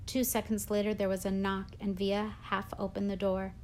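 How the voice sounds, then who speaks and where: A woman's voice: medium pitch, level tone, normal speed, a little mellow, a little hiss or hum. Woman narrating a first-person novel. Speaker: audiobook narrator.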